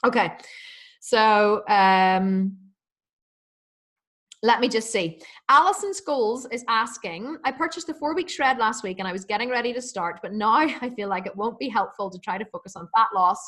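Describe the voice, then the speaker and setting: A woman hosting a live fitness Q&A, reading out viewers' comments and answering them in a fast, chatty, enthusiastic way with many restarts. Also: mid-range voice, fairly bright tone.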